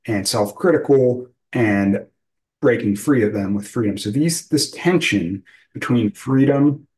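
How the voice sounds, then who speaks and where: A man's voice: mid-range voice, measured pace, a little mellow, low-quality recording. A man interviewing a guest, talking loosely and searching for words, with many fillers. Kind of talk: casual conversational interview.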